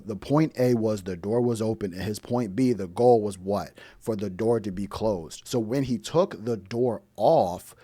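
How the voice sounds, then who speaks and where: A man's voice: on the low side, dark tone, no room sound. A man hosting a reaction commentary, blunt and preachy, firing off repeated rhetorical questions. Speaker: relationship commentary host.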